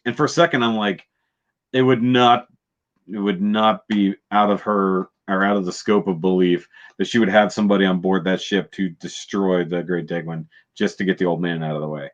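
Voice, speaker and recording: A man's voice: sits low, steady tone, a little fast. Joking male host, lo-fi sound. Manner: retells scenes with mocking put-on character voices. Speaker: show host. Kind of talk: casual review discussion. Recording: dull lo-fi sound.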